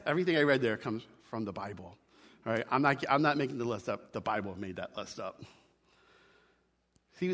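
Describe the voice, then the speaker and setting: A man's voice: mid-range voice, a bit bright, long reverb tail. A man preaching a sermon, emphatic, repeating his key lines and checking in with "right?". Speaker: pastor.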